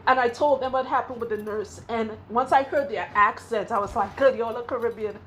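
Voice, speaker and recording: Fairly high-pitched and a bit bright, this woman speaks at a moderate pace over slight background noise. With a Trinidadian accent, the hairstylist and vlogger tells an emotional personal story in a candid, rambling way, often starting her sentences over. She was in her 20s when she had surgery and has since grown older.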